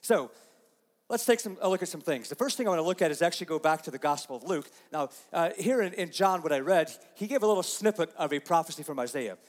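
High-voiced man preaching in a reverberant hall. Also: animated. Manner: conversational preaching, swinging from soft and slow to loud and emphatic. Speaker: pastor. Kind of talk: sermon. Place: church sanctuary.

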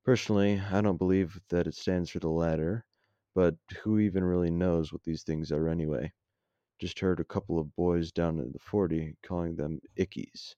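Gruff folksy army general, deep and dark, voiced by a man reading a story; dry lo-fi mic. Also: fairly even intonation, moderate pace, dry recording, lightly acted. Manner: folksy drawl, blunt. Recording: dull lo-fi dry home mic.

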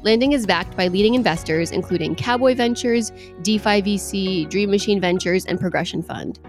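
A woman's voice: mid-range voice, moderate pace, a little mellow, soft background music. Bubbly woman podcast host. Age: 20s. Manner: bubbly, enthusiastic. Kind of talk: scripted intro, then casual interview chat.

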